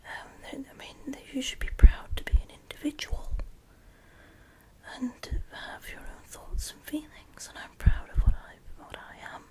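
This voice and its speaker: A woman, whispering a discussion vlog close to the microphone at home late at night, rambling with frequent restarts. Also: normal speed. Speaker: YouTuber.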